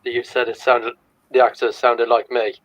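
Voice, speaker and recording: A man joining the reaction as a guest, replying in a hesitant, halting way. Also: medium pitch, level tone, a bit bright, no room sound, low-quality recording.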